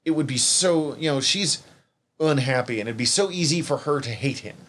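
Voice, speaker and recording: A man's voice: medium pitch, animated, moderate pace, a bit bright. A man co-hosting a podcast, chatting casually and candidly about a TV show, often rambling and emotional. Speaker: podcast co-host. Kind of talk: casual chat.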